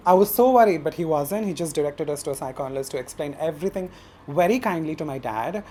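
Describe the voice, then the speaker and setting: A man's voice: on the high side, quick pace, slight background noise. A young man, telling a personal story on stage at a live storytelling event in a casual, chatty way. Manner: casual and chatty, many fillers, breaks into animated laughing retellings.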